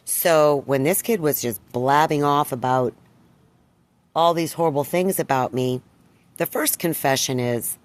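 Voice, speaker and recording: A woman's voice: low voice, lively intonation, moderate pace, darkish tone. An older woman vlogging, retelling a run-in with neighbors in an indignant, emphatic way. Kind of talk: personal storytelling to camera.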